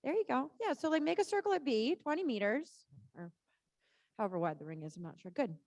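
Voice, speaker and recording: Woman riding coach, high voice, dry close sound, brisk encouraging cues. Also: animated, darkish tone, dry recording. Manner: encouraging, quick short cues. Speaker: riding instructor. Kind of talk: live coaching during a riding lesson. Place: indoor riding arena.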